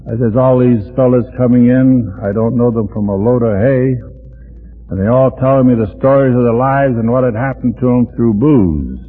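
A man's voice: medium pitch, moderate pace, husky, soft background music. A man in his seventies telling his life story to an audience in a folksy, plain-spoken way. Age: older. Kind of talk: recorded personal talk to an audience. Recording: tinny old phone-like archival recording.

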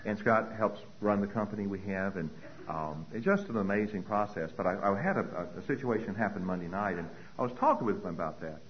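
A man's voice: lowish voice, expressive, brisk, highs cut off. A middle-aged man giving a personal recovery talk, earnest and repeating key phrases for weight. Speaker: recovery meeting speaker.

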